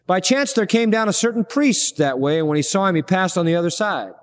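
A man's voice: high-pitched, animated, a little fast, in a large hall. A man preaching an expository sermon, teaching verse by verse and pressing hard on key words. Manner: emphatic preaching, rising to stress key words. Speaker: pastor.

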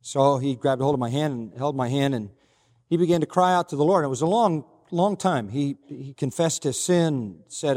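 A man's voice: on the high side, normal speed, mellow. An older man, a pastor, preaching an earnest, emphatic sermon and retelling a story with quoted dialogue. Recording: hall reverb.

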